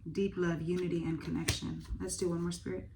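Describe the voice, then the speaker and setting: A woman's voice: lowish voice, level tone, a little fast, gravelly, background noise. A woman giving a casual tarot reading, thinking aloud with lots of fillers and the odd swear word. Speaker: tarot reader.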